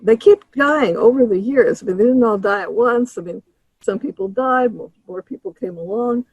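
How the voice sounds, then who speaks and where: A woman's voice: fairly high pitch, moderate pace, a little mellow, husky, dry recording, dull audio. A woman who runs a dog breed federation, talking in a rambling way and restarting her sentences on a call. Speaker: dog breed club organizer.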